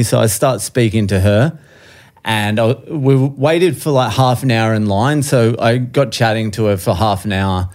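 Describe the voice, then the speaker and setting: A man's voice: medium pitch, darkish tone. A man, a comedian guest telling a profane story on a podcast and laughing through it.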